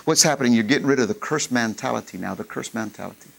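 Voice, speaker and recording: A middle-aged man preaching a sermon, lively, acting out old conversations as he tells his story. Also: medium pitch, quick pace, gravelly, few pauses. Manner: animated, acts out dialogue in raised voice. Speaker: pastor.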